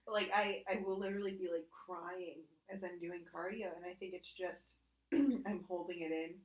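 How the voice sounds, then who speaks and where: A woman comedian, a guest on a podcast, telling stories in casual chat with animated delivery. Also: lowish voice, normal speed, rough recording. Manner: animated storytelling, laughing.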